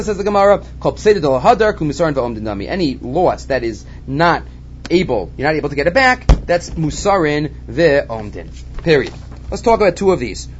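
Lively man teaching Talmud, lo-fi. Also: on the high side. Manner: animated, repeats key points, mixes Hebrew and Aramaic terms. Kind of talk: Talmud lesson. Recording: dull lo-fi recording with faint background noise.

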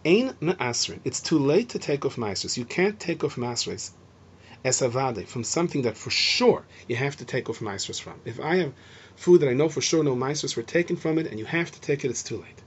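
A man explaining Mishnah to students, lively and acting out the lines he quotes. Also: mid-range voice, fairly quick, husky. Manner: animated, acts out shouting and gentle speech. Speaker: Torah teacher. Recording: dull lo-fi recording.

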